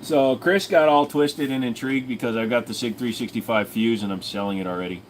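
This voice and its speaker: A man's voice: medium pitch, a little fast, a little hiss or hum. A man hosting a casual livestream from home, answering chat questions in a crude, jokey way and often breaking into silly voices. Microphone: desk microphone.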